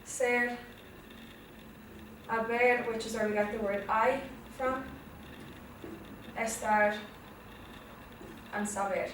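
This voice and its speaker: A young Irish teacher revises Spanish in a classroom, her voice on the high side with fairly even intonation, a slow pace and long pauses. Step by step she explains, often checking "okay?". The sound is distant and echoey, with faint noise.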